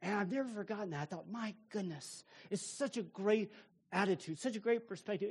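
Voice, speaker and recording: A middle-aged American pastor preaching a sermon, dropping to near whispers and rising to fervent, shouted praise. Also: male voice, sits high, normal speed, slightly rough. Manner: preaching with big swings from hushed to shouted.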